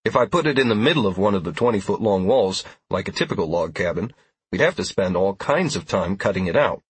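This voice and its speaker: A man narrating a first-person audiobook in an even, steady storytelling manner. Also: sits low, a little fast, breathy edge, dry recording.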